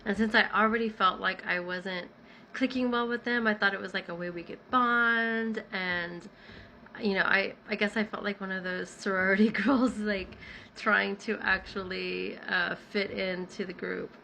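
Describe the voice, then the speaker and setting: A woman's voice: medium pitch, unhurried, gravelly, a little hiss or hum, low-quality recording. A woman telling a personal story in a casual vlog, acting out the dialogue as she recounts it. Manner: animated retelling with acted-out dialogue.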